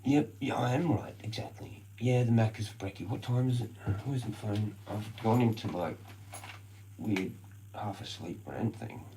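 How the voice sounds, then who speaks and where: A man's voice: fairly low pitch, normal speed, mellow, slight background noise, poor audio. Profane, rambling Australian man. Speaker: live streamer. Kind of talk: casual live-stream rant.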